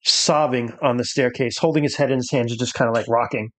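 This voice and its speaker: A game master narrating a tabletop horror game, with many pauses and fillers. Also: medium pitch, fairly even intonation, fairly bright tone. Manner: hesitant, filler-heavy narration.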